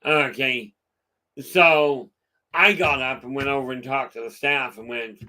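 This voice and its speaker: A man's voice: medium pitch, unhurried, pushed and bright. A middle-aged man hosting a live stream, chatting casually with viewers and telling rambling stories full of fillers. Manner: rambling storyteller, lots of fillers.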